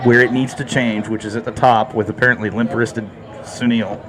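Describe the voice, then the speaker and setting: A man's voice: medium pitch, flat delivery, normal speed, a crowd in the background. Man, blunt, sarcastic, casual sports talk. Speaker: podcast co-host.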